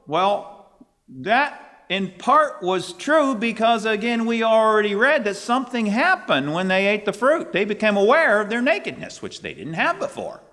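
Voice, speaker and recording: A man preaching a sermon, emphatic, his pitch climbing on questions and quoted scripture. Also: sing-song, normal speed, pushed and bright, in a large hall.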